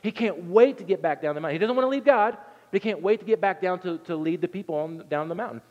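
A man preaching a sermon, telling the story with earnest energy and swinging from loud to hushed. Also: sits high, quick pace, muffled recording. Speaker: pastor. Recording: long reverb in a large hall.

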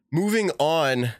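A man hosting a live podcast in casual chat, animated and laughing often as he reads texts aloud. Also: fairly high pitch, dry recording, studio quality. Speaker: podcast host.

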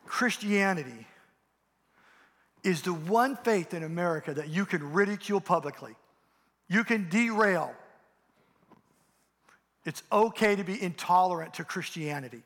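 A pastor with a high, expressive, slightly bright voice preaches fervently and without hurry, leaving long pauses as his delivery rises and falls to land each point. He mimics mocking voices, heard through long hall reverb.

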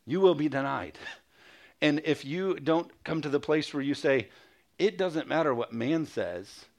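A male pastor preaching a sermon, reading scripture aloud and calling for amens, with quick mocking asides. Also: a little high, lively intonation, gravelly.

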